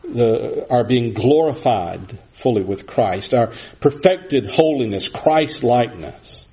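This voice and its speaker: A man's voice: mid-range voice, expressive, slow pace, dark tone, low-quality recording. A man preaching an earnest expository sermon, often restarting his phrases as he explains a verse. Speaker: pastor.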